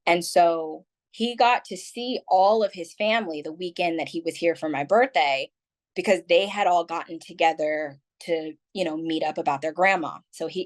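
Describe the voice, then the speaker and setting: A woman's voice: lowish voice, moderate pace. A woman guest on a podcast, telling a personal story in candid, rambling conversation full of "like" and "um".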